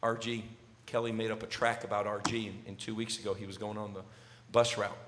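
A middle-aged man preaching a sermon, telling a story and swinging from loud calls to hushed words. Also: on the low side, a little fast, background noise. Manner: animated, swings from shouting to near whisper. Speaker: pastor. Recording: long hall reverb.

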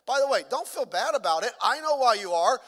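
A man's voice: very high-pitched, lively intonation, fairly quick, fairly bright tone, big-room sound. A middle-aged man, a pastor, preaching a sermon in a conversational way with joking asides.

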